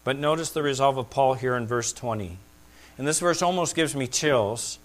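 A middle-aged male pastor preaches a sermon at normal speed in a medium-pitched voice, swinging between loud, excited peaks and hushed, quiet asides.

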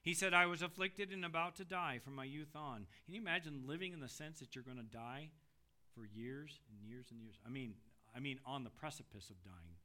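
A middle-aged man preaching an expository sermon, dramatic, moving between loud pleading passages and hushed, low readings. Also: fairly quick.

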